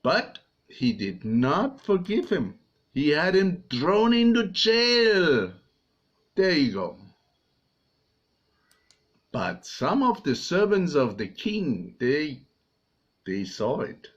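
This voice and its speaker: An older man telling Bible stories to young children in an animated way, acting out the characters. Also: on the high side, takes it slowly, long pauses, dull audio. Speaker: storyteller for children.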